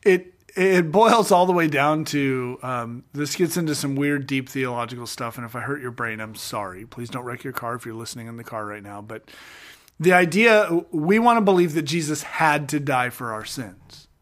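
This is a casual Bible study on a podcast, led by a middle-aged male host with a mid-range voice and a moderate pace. He retells the passage in an animated, jokey manner full of slang and side comments.

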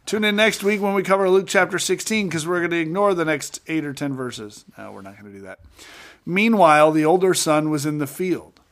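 A man co-hosting a podcast, talking through a Bible passage and acting out its characters with lively voices. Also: on the high side, a little fast. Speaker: podcast co-host. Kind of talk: Bible study podcast chat.

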